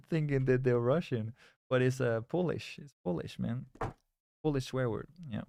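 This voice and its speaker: A man's voice: medium pitch, unhurried, gravelly, mellow, slight background noise. A young man from Scandinavia, chatting casually on a live trading stream, rambling and restarting his sentences. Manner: rambling, repeats words and restarts, reads chat aloud.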